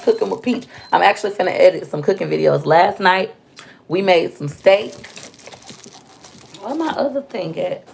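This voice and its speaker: Young woman, casual vlog chat, lowish gravelly voice, phone-recorded at home. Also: animated, normal speed, darkish tone. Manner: chatty, playful, talks to viewers while unboxing. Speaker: vlogger opening fan mail. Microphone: phone propped on a stand.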